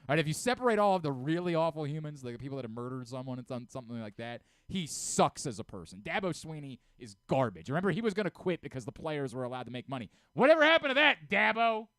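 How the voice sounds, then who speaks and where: A middle-aged man hosting a sports radio show, ranting about football with rapid swings between low muttering and shouted outbursts. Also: animated, clean tone, no echo. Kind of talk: opinionated sports talk. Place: radio studio.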